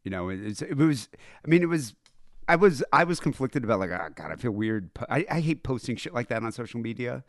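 A man's voice: medium pitch, fast, no echo. Male podcast host, crude and jokey, very dry sound. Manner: crude, laughing, animated questioning. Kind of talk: casual chat.

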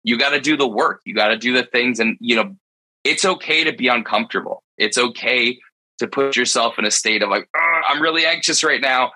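Man, business owner, earnest and confessional, very bright tone, husky edge. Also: mid-range voice, poor audio. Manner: earnest, confessional, with quick bursts and restarts. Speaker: pet care business owner, panelist. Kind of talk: candid roundtable discussion.

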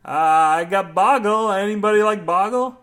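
A man voicing a loud, brash young party guy who talks in excited bursts. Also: sits high, normal speed, pitched above the performer's own voice.

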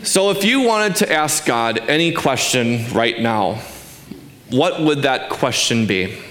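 A man's voice: medium pitch, lively intonation, slow pace, a bit bright, reverberant, a little hiss or hum. A man in his forties giving a sermon as pastor, earnest and emphatic, asking rhetorical questions. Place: church sanctuary.

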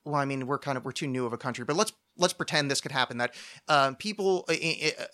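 Bright-voiced man ranting, stammering. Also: medium pitch, fast talker. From United States. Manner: profane, ranting, stammering restarts, mocking put-on voices. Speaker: podcast host. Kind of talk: solo casual rant.

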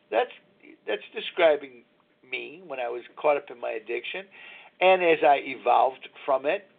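A man's voice: on the high side, lively intonation, moderate pace, creaky. A man in his sixties hosting a recovery talk show, rambling and confessional, chuckling as he goes. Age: 60s. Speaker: radio show host. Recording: tinny phone-line sound.

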